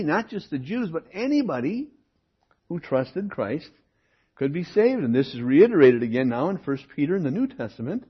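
A man's voice: mid-range voice, husky. A man teaching the Bible in a classroom, explaining scripture verse by verse and stressing key words. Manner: lively, emphatic, rising on key words. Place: classroom with a board. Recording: dull lo-fi recording.

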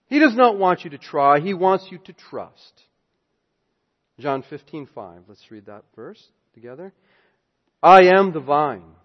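A man preaching a sermon as pastor, emphatic, swinging between loud declarations and hushed asides. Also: on the high side. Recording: dull sound with long hall reverb.

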